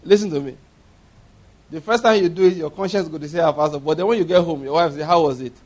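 A man's voice: a little high, quick pace, darkish tone. A man preaching a sermon, emphatic and laughing often, acting out little voices as he talks. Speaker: pastor.

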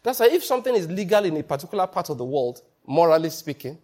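A man's voice: on the high side, very animated, quick pace, darkish tone. A man preaching a sermon, acting out quoted people and breaking into laughter between points. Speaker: pastor.

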